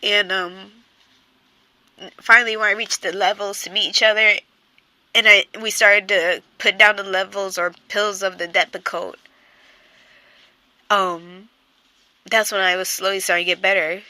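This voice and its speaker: Young woman, casual storytime vlog, rambling with lots of fillers, crisp bright tone, dry close mic. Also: mid-range voice, steady tone, a little slow, pauses often, no echo. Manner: rambling, filler-heavy, with frequent "like" and "I'm here like". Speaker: vlogger telling a personal story.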